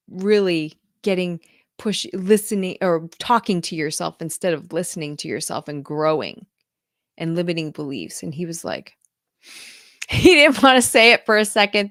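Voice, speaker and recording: A woman's voice: on the high side, pushed and bright, dry recording, clean studio sound. A woman parenting mentor chatting casually and enthusiastically to her viewers, laughing often. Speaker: mother. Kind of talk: casual live chat to viewers.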